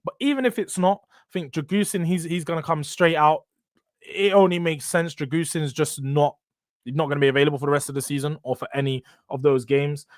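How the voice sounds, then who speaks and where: Guy on a live football stream, high voice, ranting and swearing, dry close sound. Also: fairly quick, no room sound. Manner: animated ranting with swearing and slang. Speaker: football channel host.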